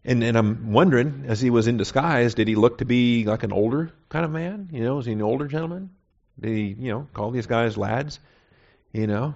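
A man's voice: medium pitch, brisk, darkish tone. Conversational preacher man, muffled recording. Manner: conversational, asks rhetorical questions, frequent "okay?" check-ins. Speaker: pastor teaching a Bible study. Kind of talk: expository sermon. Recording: slightly muffled, dull recording.

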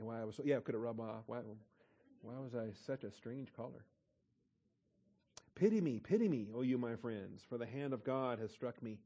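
A man's voice: medium pitch, warm tone. A man preaching a conversational sermon, reading scripture aloud and explaining it. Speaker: pastor.

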